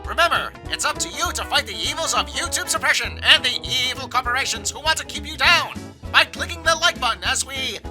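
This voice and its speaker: Woman announcer, high-pitched, mock-epic trailer read over clear music. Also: animated, brisk. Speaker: intro announcer. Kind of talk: mock newsreel trailer narration.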